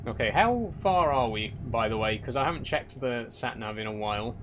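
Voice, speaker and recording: A young streamer drives a truck game while casually reading and answering his live chat, dry and rambling, often feigning exasperation. His animated voice is at an everyday middle pitch and normal speed, with faint game engine noise humming behind him.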